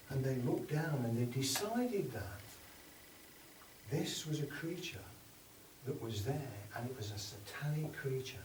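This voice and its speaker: Slow English storyteller in a roomy hall. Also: male voice, mid-range voice, lively intonation. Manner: dramatic, dropping to whispers and rising for effect. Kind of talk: oral folk tale telling. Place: storytelling event. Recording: roomy sound from far off with background noise.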